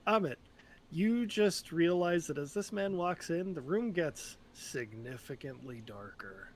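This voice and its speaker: A man narrating a tabletop role-play as game master, describing scenes in a relaxed, unhurried way. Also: fairly high pitch, slight background noise.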